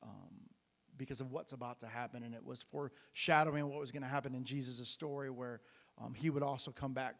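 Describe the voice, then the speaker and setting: A man's voice: medium pitch, fairly even intonation, brisk, vocal fry, fairly bright tone, long reverb tail. A man preaching a sermon as pastor, retelling a Bible story in a conversational way with frequent restarts and fillers. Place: church sanctuary.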